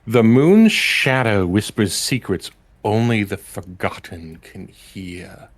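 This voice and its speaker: A man's voice: on the low side, expressive, slow pace, no echo. A man voicing a secretive female cambion warlock who trades in information and coaxes and demands. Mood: coaxing. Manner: smooth, coaxing, demanding.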